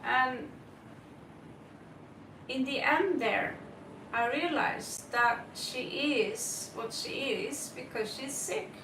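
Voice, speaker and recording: A woman's voice: sits high, takes it slowly, long pauses, recorded from a distance, noisy background. A woman hosting a live tarot stream, chatting casually and greeting viewers by name as she rambles. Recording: roomy, set back from the mic.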